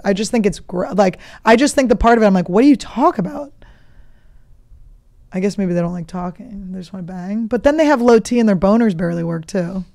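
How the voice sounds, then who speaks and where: A woman's voice: mid-range voice, a little mellow. A woman in her thirties hosting a comedy podcast, telling stories in a blunt, profane, joking way. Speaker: podcast host. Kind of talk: casual comedic chat.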